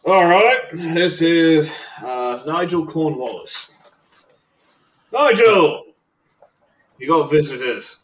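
A man's voice: a little high, measured pace, voice pushed up, natural voice. A man voicing a blunt, hearty male prison guard close to retirement. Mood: announcing.

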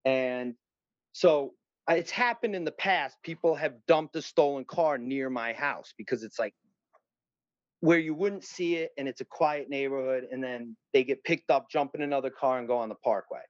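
A middle-aged man, telling a story in an animated, profane way and acting out other voices. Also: medium pitch, normal speed, no echo, muffled recording. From Long Island, New York. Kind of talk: casual storytelling.

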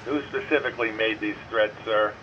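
A man voicing a formal federal agent on the phone, flat and formal. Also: lowish voice, moderate pace, muffled recording, a little hiss or hum, close to an everyday voice.

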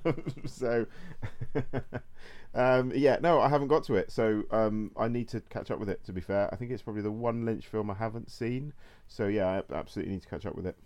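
Low-voiced, laughing male co-host. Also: fairly quick, darkish tone. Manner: self-deprecating, laughs easily, hesitant fillers. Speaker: film review co-host. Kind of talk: casual film review chat.

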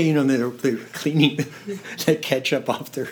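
Older man telling a halting, laughing story. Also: mid-range voice, fairly even intonation, a little hiss or hum. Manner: halting, laughs often, drops to a hush for quoted lines. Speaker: interview guest. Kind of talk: storytelling in conversation.

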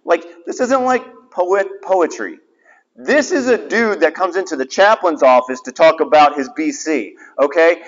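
A middle-aged male chaplain delivering a casual, animated sermon, his pitch leaping and dipping as he drives points home. His voice sits a bit high for a man. It is captured with a dull, slightly lo-fi sound, and a long reverb trails through a large hall. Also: measured pace. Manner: animated, conversational preaching with sudden drops to a hushed voice.

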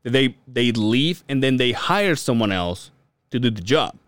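Male co-host, animated raconteur with a lively swinging pitch and a dry close sound. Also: normal speed, no room sound. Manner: animated storyteller, acts out quotes, swears, laughs often. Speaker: podcast co-host. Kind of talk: casual storytelling chat.

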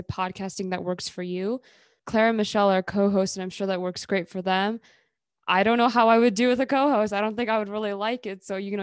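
A woman who runs her own interview podcast answers questions in a loose, rambling way, full of "like" and restarts. Her voice is mid-pitched and recorded dry and close, with no room sound. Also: clear, resonant tone, dry recording. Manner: rambling, many fillers and self-corrections. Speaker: solo podcast host, interview guest.

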